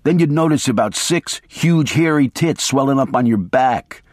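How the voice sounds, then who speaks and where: A man reading the part of a wild, foul-mouthed lawyer who drawls out his crude warnings slowly and bluntly. The delivery is close and dry, with no room sound at all. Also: mid-range voice, darkish tone, no echo, natural voice. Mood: boasting. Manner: profane, blunt, slow and emphatic. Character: wild-talking male lawyer, reckless and coarse.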